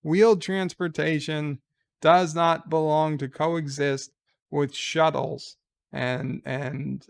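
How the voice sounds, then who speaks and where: A man's voice: a little high, steady tone, slow pace, vocal fry. A man giving casual reaction commentary on a trailer, sarcastic and exasperated as he gripes. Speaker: trailer reviewer.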